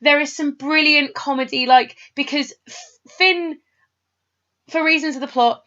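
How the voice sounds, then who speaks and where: High-voiced gushing woman reviewer. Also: steady tone, measured pace, sharp tone. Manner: enthusiastic, gushing. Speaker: film reviewer co-host. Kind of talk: casual film review chat. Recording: dull lo-fi sound.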